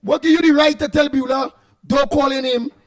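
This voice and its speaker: A man's voice: very high voice, brisk. A man with a Trinidadian accent hosting a call-in radio show, talking emphatically and often raising his voice. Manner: emphatic, animated, often shouting. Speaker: radio talk show host.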